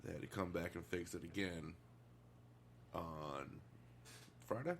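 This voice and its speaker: A man with a somewhat low voice tells loose, rambling stories in a casual chat. He laughs through his own anecdotes and swears freely. Faint room ambience hums behind him. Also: unhurried, fairly bright tone, slight background noise. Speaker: podcast co-host.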